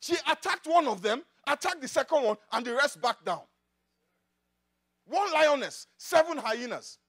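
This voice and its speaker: A man preaching a sermon in church, swinging from loud declarations to quiet asides. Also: very high-pitched, big pitch swings, measured pace. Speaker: pastor.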